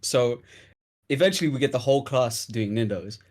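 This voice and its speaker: A young man in relaxed conversation, spinning a long story from his school days. His pitch sits in an ordinary middle range, and he punches key moments with sudden loud bursts. The flow is loose and chatty. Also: moderate pace. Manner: animated storyteller, swings loud for emphasis. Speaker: guest storyteller. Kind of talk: casual chat, telling a school story.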